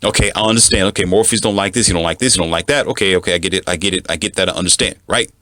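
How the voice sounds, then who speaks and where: A man's voice: low voice, rapid-fire, pushed and bright. A man giving an emphatic, repetitive lecture as a relationship coach. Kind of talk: lecturing monologue.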